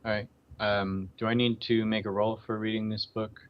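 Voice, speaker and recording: A man playing a tabletop game over voice chat, calmly describing what his character does. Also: on the low side, normal speed, lo-fi sound. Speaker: player. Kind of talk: tabletop role-play. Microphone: online voice chat mic.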